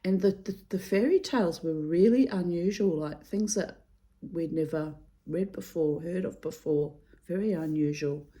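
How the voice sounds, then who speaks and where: A woman's voice: on the low side, moderate pace, mellow. A woman doing her daily readings, talking in a rambling, digressive way, swearing freely and laughing often. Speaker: reader giving daily readings. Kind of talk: rambling casual monologue.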